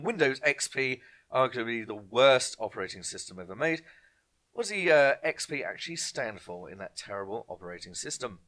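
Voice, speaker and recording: A man's voice: medium pitch, sing-song, fairly quick, a bit bright. A man hosting an online pub quiz, reading each question twice and dropping jokey asides to viewers. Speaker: quiz host.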